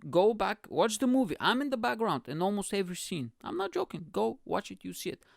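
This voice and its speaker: A man's voice: sits high, expressive, fairly quick, creaky, no room sound, studio quality. A young man with an accent, hosting a podcast with a crude, boastful, self-mocking comedic monologue. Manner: speaks with an accent. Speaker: podcast host.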